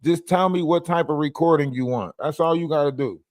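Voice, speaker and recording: A man's voice: on the high side, brisk, darkish tone, dry recording, clean studio sound. A man hosting a livestream, ranting in a repetitive, confrontational way, often asking "you know what I mean". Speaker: livestream host. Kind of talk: rambling livestream rant.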